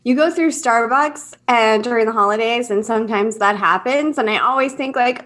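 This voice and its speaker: A middle-aged woman co-hosting a casual podcast in a fairly high voice. She tells stories candidly and acts out what others said. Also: normal speed, few pauses, fairly bright tone. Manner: candid storytelling, acts out quotes. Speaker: podcast co-host. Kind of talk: casual chat.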